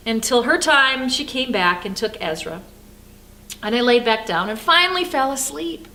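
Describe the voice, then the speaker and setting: Delivering a devotional sermon built on her own story, this older woman pastor starts out animated before turning quiet and reflective. She speaks a bit high and at an even, moderate speed.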